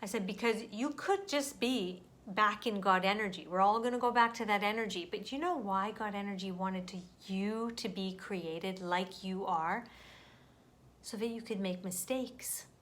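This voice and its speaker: A woman talks to her viewers in an earnest, inspirational vlog. Her voice sits in an ordinary middle register. She speaks softly and tenderly, like a mother passing on a spiritual lesson. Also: mid-range voice, normal speed. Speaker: mother sharing a spiritual message.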